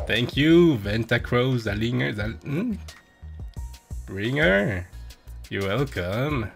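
A young man streams from a home setup into a desk mic, pretending to be someone else. His voice is bright and forward, and he speaks at a slow, loose pace. He reads chat questions aloud and answers with goofy jokes. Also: mid-range voice, vocal fry. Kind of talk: playful live-stream chat, impersonating another streamer.

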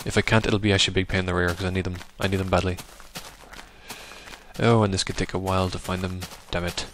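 A man giving rambling, casual let's-play commentary over a game, now and then yelping loudly at what happens. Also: sits low, little pitch movement, fast talker, a little hiss or hum. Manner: chatty, rambling, bursts into loud yelps at the game. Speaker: gaming video host.

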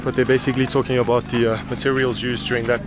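A man's voice: mid-range voice, flat delivery, very fast. Tired man vlogging on a noisy mountain trail. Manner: chatty, talks to viewers and companion. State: tired from walking. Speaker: travel vlogger. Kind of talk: casual vlog narration while hiking. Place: outdoors on a volcano path and tourist stalls. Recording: loud outdoor noise.

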